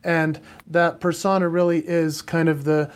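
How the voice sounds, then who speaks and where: A man in his forties, a guest entertainer in an interview, animated and quick to laugh. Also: on the high side, clear, resonant tone. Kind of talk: casual interview chat.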